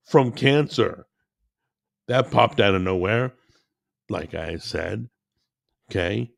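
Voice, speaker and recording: Worked-up man ranting, gravelly and low. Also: dry recording, clean studio sound. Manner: worked up, repetitive, addresses listeners as guys. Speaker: commentator. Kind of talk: heated political rant.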